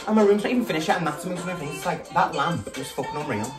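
A man's voice: fairly high pitch, expressive, normal speed, pauses often. A man, tipsy, chatting in a rambling, gossipy vlog and swearing a lot. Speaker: vlogger. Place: his bedroom at home. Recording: distant mic with loud background music. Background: music playing.

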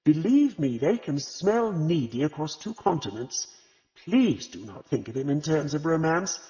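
A man reading the lines of a gentle, sensible vicar's wife, speaking earnestly and with caution. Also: on the high side, very animated, unhurried, pitched above the performer's own voice. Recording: reverberant, slightly dull audiobook recording.

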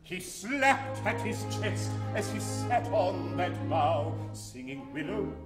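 A comic lovesick suitor on a theatre stage, high-voiced and unhurried, milking every overblown line. The sound is roomy, with a loud orchestra. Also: male voice, big pitch swings, loud music behind the voice, exaggerated voice. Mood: mournful singing. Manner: overblown theatrical pleading, then sung ballad. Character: comic lovesick man wooing a fierce older woman. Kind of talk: comic light opera stage performance.

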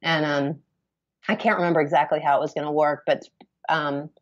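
A woman author chatting as an interview guest, talking in an animated way and laughing often. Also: low voice, brisk, no echo, lo-fi sound. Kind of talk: casual interview chat.

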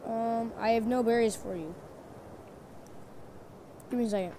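A gamer narrates her own play in a casual, playful way, talking to the animals in the game and swinging from loud outbursts to quiet mutters. Her voice is fairly high and her speed normal, with loud background noise in the recording.

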